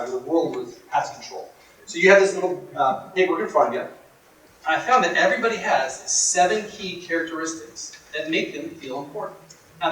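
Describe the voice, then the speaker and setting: A man giving a motivational workshop talk, telling stories in a dramatic, emphatic way that swings from hushed to loud. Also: on the high side. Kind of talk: storytelling speech to a live audience. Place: workshop room. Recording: echoey room from far off.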